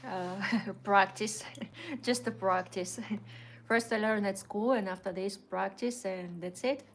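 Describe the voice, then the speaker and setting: A woman with a Russian accent, a native Russian speaker, chatting on a livestream in halting English with many fillers and giggles. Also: mid-range voice, creaky, a little hiss or hum. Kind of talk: casual livestream chat.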